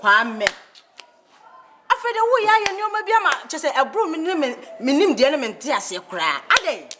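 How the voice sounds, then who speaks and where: A man's voice: extremely high pitch, sing-song, a little fast, background noise. A man with a Ghanaian accent playing a bossy elder who scolds a younger man and barks short insults and orders. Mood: scolding. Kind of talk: Ghanaian film acting.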